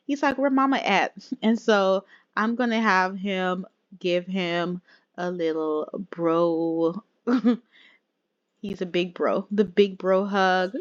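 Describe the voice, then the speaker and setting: A woman hosting her gaming channel, chatting casually over gameplay, laughing often and voicing the characters in quick asides. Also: medium pitch, no room sound. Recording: dull lo-fi sound.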